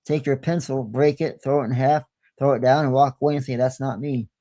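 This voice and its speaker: Man, podcast guest, folksy storyteller, mellow warm voice, plain-spoken, repeats himself. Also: medium pitch, fairly even intonation, brisk. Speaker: podcast guest, paranormal investigator. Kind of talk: casual storytelling.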